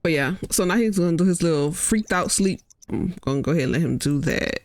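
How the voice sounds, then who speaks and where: A woman's voice: fairly low pitch, lively intonation, fast, darkish tone. A woman hosting a casual let's-play, chatting and rambling in a slangy way as she plays. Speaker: gaming channel host.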